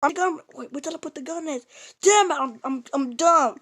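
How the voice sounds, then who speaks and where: A woman giving playful, excitable commentary while playing a video game, taunting and laughing as she goes. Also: high-pitched, moderate pace. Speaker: gamer.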